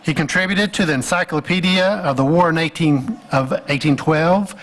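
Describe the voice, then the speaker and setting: A man's voice: fairly high pitch, moderate pace, fairly bright tone. Man introducing a speaker in an echoey hall. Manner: reads a speaker's credentials. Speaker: symposium host introducing speaker. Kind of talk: formal introduction.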